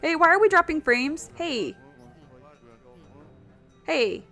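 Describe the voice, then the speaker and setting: A woman streaming a video game, chatting casually, excitable and cursing when things go wrong. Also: sits high, takes it slowly, long pauses. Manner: excitable, swears when frustrated. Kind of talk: casual live-stream commentary. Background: game music.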